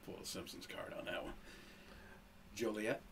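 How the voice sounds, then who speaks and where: A man's voice: moderate pace, a bit bright. A man hosting a casual podcast, running a quiz, blunt and profane. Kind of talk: casual chat.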